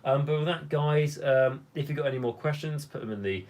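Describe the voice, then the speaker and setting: A man's voice: a little high, a little fast, darkish tone. Rambling young man chatting on a live stream. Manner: rambling, chatty, many fillers. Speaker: hobby streamer. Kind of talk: casual live-stream chat.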